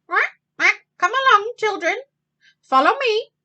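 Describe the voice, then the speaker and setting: A woman voicing a proud, confident mother duck in a high, quacking, animated storybook voice. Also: measured pace, highs cut off, full character voice. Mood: calling brightly.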